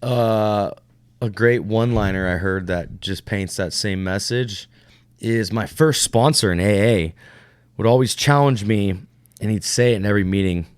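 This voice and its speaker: A laid-back man shares stories in casual podcast chat, chuckling easily between lines. His voice sits a little low, and the close, dry recording keeps him near. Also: normal speed, clean tone, dry recording. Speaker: podcast co-host.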